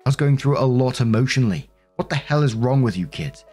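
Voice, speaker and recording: A man's voice: mid-range voice, expressive, a little fast, darkish tone, husky, faint music behind. A man reading as a defensive, self-pitying mother. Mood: aggrieved.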